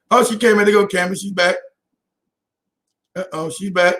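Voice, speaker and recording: A man hosting a casual online chat show over a video call, talking loudly and bluntly with frequent laughter. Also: high-pitched, measured pace. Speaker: host.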